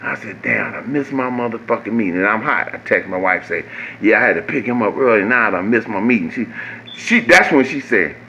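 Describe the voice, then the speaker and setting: A man, telling a profane, animated story that jumps high when he gets exasperated. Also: a little fast, dull audio, a little hiss or hum. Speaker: vlogger. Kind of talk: casual storytelling.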